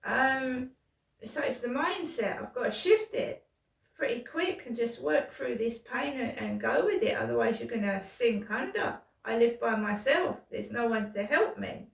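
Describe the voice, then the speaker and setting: Slow, gravelly British woman in pain. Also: a little high, animated, roomy sound, recorded from a distance. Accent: British English. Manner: rambling and profane, with restarts and stumbles. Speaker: vlogger. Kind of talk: rambling personal vlog monologue.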